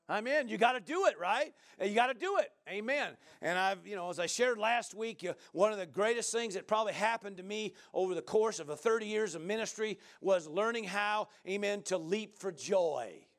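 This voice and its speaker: A middle-aged male pastor preaching a sermon, moving from quiet talk into shouted praise. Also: high-pitched.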